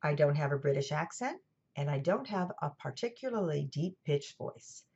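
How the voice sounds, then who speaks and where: Woman lecturer, lowish voice, dull recording. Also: animated, a little mellow. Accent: General American. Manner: clear, measured explaining with dry asides. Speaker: college lecturer. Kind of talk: scripted lecture narration.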